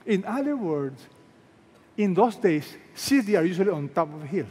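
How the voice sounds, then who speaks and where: This male pastor, speaking with a Filipino accent, has a high-pitched, sing-song voice at normal speed, a little mellow with a breathy edge. He preaches emphatically in a large church hall, repeating phrases and firing rhetorical questions at the congregation, with long reverb from the hall.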